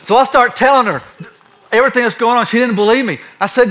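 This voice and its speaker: A man preaching a sermon, telling personal stories in an animated way, swinging between quiet and loud. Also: very high-pitched, quick pace, a little hiss or hum. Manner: animated, acts out stories with shifting loudness. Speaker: pastor.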